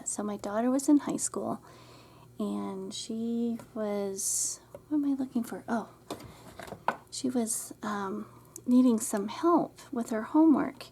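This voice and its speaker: A woman's voice: fairly high pitch, slow pace, creaky, mellow, slight background noise. A middle-aged woman hosting a craft tutorial, chatting and rambling as she works and muttering to herself over her supplies.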